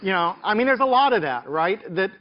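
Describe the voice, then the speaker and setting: A middle-aged professor from the American South reflects on his career in an interview, telling stories with a preacher's rising cadences. His voice sits high with big pitch swings and a brisk pace, and the recording's highs are cut off.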